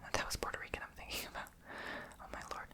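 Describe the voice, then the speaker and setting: A man whispering in ASMR style, softly repeating foreign words over and over, with self-deprecating chatty asides. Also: quick pace. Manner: repeats each foreign word softly many times. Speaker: ASMR creator.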